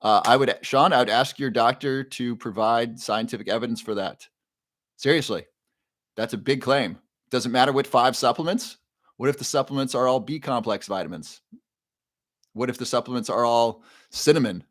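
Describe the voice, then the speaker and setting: A man's voice: mid-range voice, normal speed, no echo, clean studio sound. A man hosting a live stream on health, chatting casually and reading viewers' names and questions from the chat aloud. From Ohio. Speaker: livestream host.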